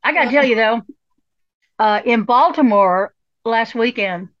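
A folksy woman chats casually on a podcast, her voice sitting a little high. She swears now and then and laughs easily. The sound is dry and slightly dull, like a lo-fi home mic. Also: a little slow, dry recording. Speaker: podcast co-host. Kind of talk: casual chat.

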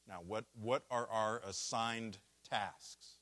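A man's voice: fairly low pitch, steady tone, a bit bright. A man preaching a sermon, walking through a scripture passage and leaning hard on key words. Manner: slow, deliberate preaching with stressed key words. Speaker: pastor.

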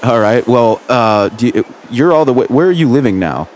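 A male radio host questioning a caller with incredulous, hesitant stammering. His voice sits at an ordinary middle pitch and stays plain and conversational. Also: lively intonation, moderate pace, a little mellow. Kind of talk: comedic call-in interview.

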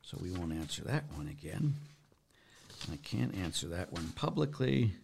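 A man's voice: low voice, big pitch swings, normal speed, gravelly, a little mellow, a little hiss or hum. A man, a Catholic priest, answering viewer questions in a conversational teaching manner, asking himself questions and answering them. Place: broadcast to viewers.

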